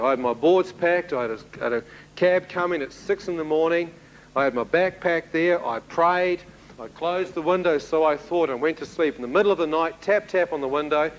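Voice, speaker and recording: A middle-aged man giving a testimony, retelling events vividly with sudden shouts and chuckles. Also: fairly high pitch, brisk, slight background noise, low-quality recording. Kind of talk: dramatic storytelling to an audience.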